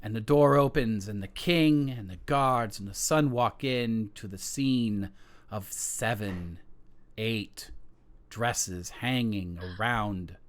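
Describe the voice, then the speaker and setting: A man's voice: lowish voice, slow. A man playing a tabletop game, telling a folk story in character as a dramatic storyteller.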